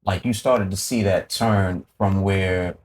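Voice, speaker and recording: A man's voice: sits low, steady tone, slow. A man hosting a casual interview, musing through his questions and acting out little quotes along the way. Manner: laid-back, musing, acts out quotes. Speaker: podcast host.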